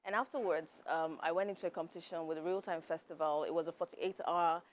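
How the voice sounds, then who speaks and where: A woman guest on a TV interview, speaking softly and hesitantly with many fillers. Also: on the low side, steady tone, quick pace, a little hiss or hum. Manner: soft-spoken, hesitant with fillers. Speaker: filmmaker and advocate guest. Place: TV studio.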